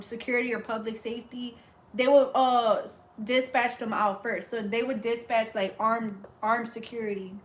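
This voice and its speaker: A woman braider chatting casually while she does hair, telling animated stories and laughing often. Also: sits high. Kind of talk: casual chat while doing hair on a livestream.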